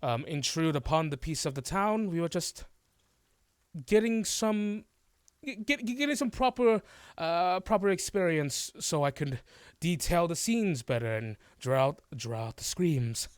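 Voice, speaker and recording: A man's voice: a little high, expressive, unhurried, clear, resonant tone, dry recording, clean studio sound, pitched above the performer's own voice. A man voicing a smug, scheming male elf author who talks in a fawning, showy and wordy way. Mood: gloating.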